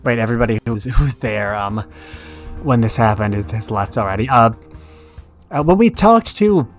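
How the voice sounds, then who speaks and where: A man's voice: medium pitch, expressive, normal speed. A man streaming a courtroom fangame, reading characters and thinking aloud in a hesitant way. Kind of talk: game reading and commentary. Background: game background music.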